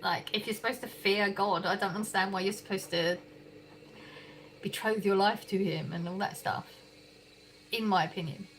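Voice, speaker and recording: A woman's voice: mid-range voice, steady tone, moderate pace, long pauses, slight background noise, rough recording. A woman with an English accent hosting a casual livestream from her kitchen, reading chat comments aloud and laughing often. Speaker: livestream host. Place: home kitchen.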